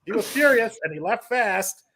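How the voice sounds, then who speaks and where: Animated storytelling comedian man. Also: sits high, moderate pace, a loud crowd. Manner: animated storyteller, slips into impressions. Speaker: guest actor and comedian. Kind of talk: casual interview storytelling.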